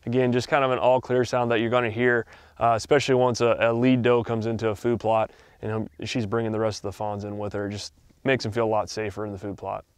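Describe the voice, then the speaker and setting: A man explains hunting calls at a quick clip, his voice smooth and clear. The delivery is brisk and instructional, with a few filler pauses. The sound is dry and close. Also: on the low side, little pitch movement, no echo. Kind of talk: instructional talk.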